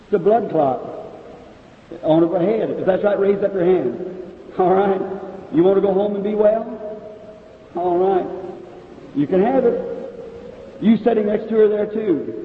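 A man preaching at a faith healing service, calling out people in the audience one by one, in an old hall recording. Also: sits high. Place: large hall. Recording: old echoey hall recording, phone-like sound.

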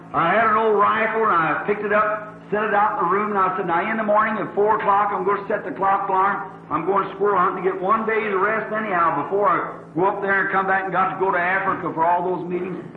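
A man's voice: high voice, a little hiss or hum. A male preacher tells a story in a sermon, rambling and folksy and acting out the dialogue. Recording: tinny lo-fi echoey old sermon tape.

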